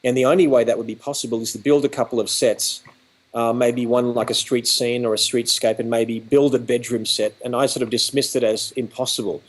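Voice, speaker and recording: A man's voice: mid-range voice, flat delivery, brisk. Chatty Australian man telling stories. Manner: chatty, acts out dialogue with quoted exchanges. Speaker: photography educator. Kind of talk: animated conversational storytelling. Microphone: video call.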